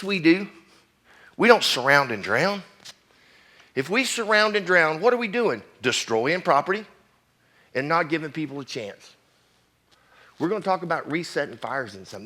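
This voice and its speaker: Fire chief, middle-aged man, fiery and blunt, raised pitch, bright edge. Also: big pitch swings, normal speed, long pauses. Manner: blunt, preachy, keeps asking the crowd questions. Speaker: fire chief speaking at a conference. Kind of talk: fiery conference speech.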